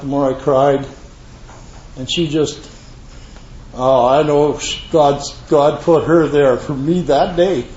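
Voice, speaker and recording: A man's voice: medium pitch, a little mellow. Older man rambling in an echoey hall. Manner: rambling, earnest storytelling with folksy asides. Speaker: recovery meeting speaker. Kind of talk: personal testimony to a live audience. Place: meeting room with an audience. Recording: echoey room, dull lo-fi sound, faint hiss.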